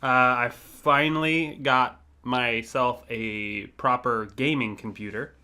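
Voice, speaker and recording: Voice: medium pitch, fairly even intonation, takes it slowly, sharp tone. A co-host in casual chat, giving short replies and dry quips. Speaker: podcast co-host.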